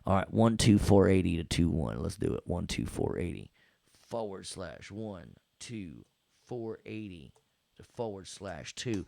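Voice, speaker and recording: A man's voice: low voice, sing-song, a little slow, gravelly, a little mellow, dry recording. A middle-aged man with a New York accent teaching an audio workstation lesson, joking around and scatting along with the music. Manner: playful, jokey, scats and hums along to the music. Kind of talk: casual screen-recorded lesson.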